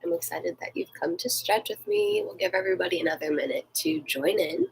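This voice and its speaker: A woman fitness instructor with a sleepy voice, calmly guiding a gentle stretching class. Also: lowish voice, fairly quick, vocal fry, a little hiss or hum, low-quality recording. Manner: gentle, calm cueing. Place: at home in Florida.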